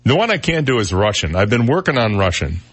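A man's voice: fairly low pitch, very animated, fast talker, fairly bright tone, husky. A man hosting a radio talk show in a studio, chatting casually and chuckling at his own jokes. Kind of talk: casual on-air chat. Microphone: studio microphone.

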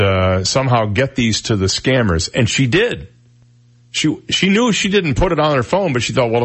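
A middle-aged man hosting a radio talk show, delivering a gruff, opinionated monologue in a casual, conversational way. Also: mid-range voice, a bit bright. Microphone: studio microphone.

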